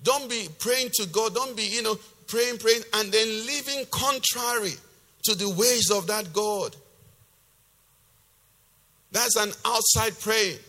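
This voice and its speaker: A male pastor preaching a sermon, reading scripture loudly with force and then explaining it in a lower, conversational voice. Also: slow pace. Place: church hall. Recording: long reverb of a church hall.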